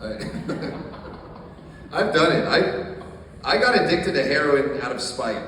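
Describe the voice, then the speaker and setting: A man doing a stand-up set in a small coffee shop, telling dark jokes in a deadpan way with plenty of swearing. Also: fairly high pitch, slow pace, very echoey, in a large hall, recorded from a distance, a little hiss or hum. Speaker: stand-up comedian.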